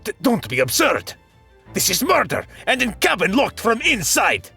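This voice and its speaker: Brief: shrill gravelly officer, done by a man, yelling, a bit off-mic. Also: wildly swooping pitch, normal speed, faint music behind, exaggerated voice. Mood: angry. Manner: shouting, broken English.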